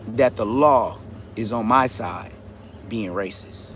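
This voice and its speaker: A man ranting on a livestream in a loud, combative way, with heavy profane street slang. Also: lowish voice, takes it slowly, a little hiss or hum. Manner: loud, swooping, combative delivery. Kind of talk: heated livestream rant.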